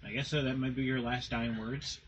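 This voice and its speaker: A man's voice: medium pitch, fairly even intonation, brisk, slight background noise, rough recording. A man co-hosting a casual podcast, reading stories aloud and joking crudely between fits of laughter. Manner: laughs often, jokey and crude. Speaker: podcast co-host.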